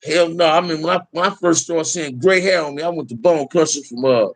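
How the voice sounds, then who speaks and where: A man's voice: fairly high pitch, a little fast, vocal fry, dry recording. A middle-aged man telling prison stories in casual talk to a live chat, candid and laid-back, full of street slang.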